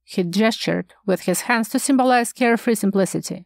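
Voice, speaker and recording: A woman narrating a short story for an audiobook in a measured, even reading. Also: mid-range voice, vocal fry, dry recording, studio quality.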